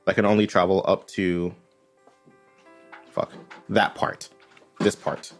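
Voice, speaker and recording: Deep voiced dude gm, rambly casual chat, keeps saying right?. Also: male voice, level tone, slow pace, soft background music. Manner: rambling, tags lines with "right?". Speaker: game master. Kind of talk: casual tabletop game talk.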